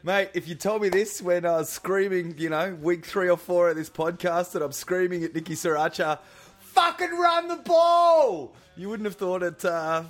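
A man co-hosting a podcast, excitable, shouting and swearing heavily. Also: high-pitched. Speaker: podcast co-host. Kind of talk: casual podcast chat.

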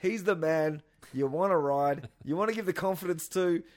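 A high-pitched man riffs in loose, profane sports banter, jumping between mumbled asides and sudden loud outbursts. He sounds like a podcast co-host ranting with a mate. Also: moderate pace. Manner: excitable, swearing, bursts into shouts. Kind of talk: casual sports chat.

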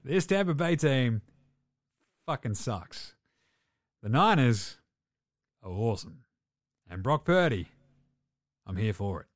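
A man's voice: medium pitch, sing-song, slow, pauses often, no echo. Aussie guy hosting a sports podcast, chill and sweary, laughs a lot, dry close sound. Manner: laid-back, swears, laughs often. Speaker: podcast host. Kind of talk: casual sports chat.

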